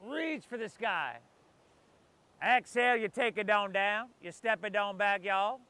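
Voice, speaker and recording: A man's voice: sits high, a little slow, pushed and bright, clean tone. A man leading a guided yoga class outdoors, calling breath cues with playful joking asides. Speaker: yoga instructor. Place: outdoors by the ocean.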